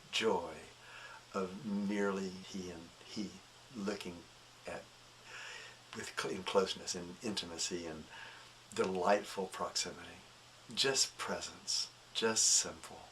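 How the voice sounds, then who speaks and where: Man, low voice, personal storyteller, animated then hushed, faint ambient noise. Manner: animated, laughing, acts out voices when excited; soft, hushed and reflective. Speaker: devotee recounting a story.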